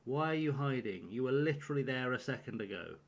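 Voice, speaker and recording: Male game streamer, mid-pitched, rambling and flustered, muttering through team selection. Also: expressive, quick pace. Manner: rambling, flustered, talks to himself while picking a team. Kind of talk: live-streamed gameplay commentary.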